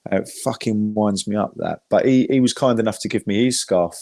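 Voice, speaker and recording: A man's voice: on the low side, fairly quick, vocal fry, a little mellow. A man telling football fan stories in a casual podcast chat, chatty and swearing freely.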